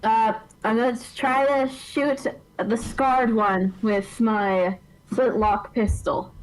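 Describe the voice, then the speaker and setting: A woman's voice: a little high, fairly even intonation, slow pace, rough recording. A woman playing in a tabletop game, hesitant and giggly. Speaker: player. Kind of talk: casual tabletop game chat.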